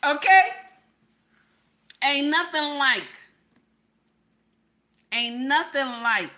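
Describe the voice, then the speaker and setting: A woman riffs in an animated, casual commentary. Her voice sits high and sounds bright and sharp. She keeps repeating her points and tagging them with "okay?". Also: drawn-out words. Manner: animated, bursts into laughter and shouts, repeats phrases with "okay?".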